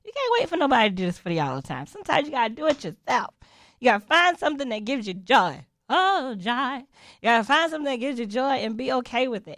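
A woman's voice: on the high side, big pitch swings, fast talker, a bit bright, no echo, studio quality. A woman hosting a devotional podcast, giving a casual, upbeat, encouraging talk with playful asides. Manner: chatty, upbeat, playful asides and mock voices.

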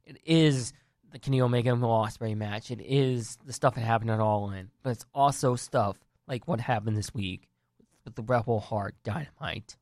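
A man's voice: mid-range voice, normal speed, darkish tone, dry recording, studio quality. A man giving casual wrestling news and opinions, earnest and rambling, often restarting his sentences. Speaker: wrestling commentary vlogger.

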